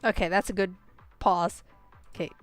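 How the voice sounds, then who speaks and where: A woman with a lowish voice streams a game and chats casually with her viewers, rambling and swearing freely amid many "like" fillers and restarts. She speaks at normal speed with fairly even intonation, and music plays in the background.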